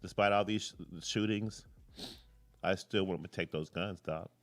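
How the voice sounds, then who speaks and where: A man's voice: deep voice, fairly even intonation, moderate pace. A man hosting a live political commentary show, talking casually, rambling off on tangents and cursing freely. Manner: rambling, jumps between tangents, curses freely.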